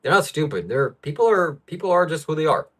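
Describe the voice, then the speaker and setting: A man's voice: a little high, animated, a little fast, fairly bright tone. A man hosting a live stream from home, reading out viewer comments and ranting about them in frustration. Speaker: livestream host. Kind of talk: livestream talk.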